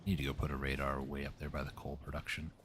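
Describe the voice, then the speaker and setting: A man's voice: extremely low pitch, completely flat delivery, fast, a bit bright, slight background noise. A man hosting a co-op gameplay session, chatting casually in a laid-back, teasing way. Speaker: let's play host.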